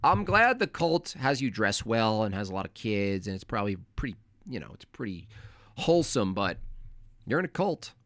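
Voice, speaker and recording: A man hosting a live stream, ranting in a mocking, crude and animated way. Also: lowish voice, normal speed, no echo, studio quality. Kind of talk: casual live stream rant.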